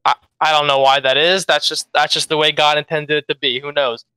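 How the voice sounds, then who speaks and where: A man's voice: fairly high pitch, little pitch movement, brisk, pushed and bright, smooth, dry recording. A young man from Philadelphia with a pronounced Philadelphia accent, a jet-lagged esports player answering interview questions in a laid-back way and repeating words as he thinks. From Philadelphia, USA. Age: young adult.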